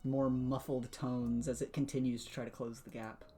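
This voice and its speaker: A man's voice: medium pitch, little pitch movement, normal speed, mellow, faint music behind. Man running a tabletop game, chatty and laughing. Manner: chatty, laughs often, many fillers and restarts. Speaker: game master.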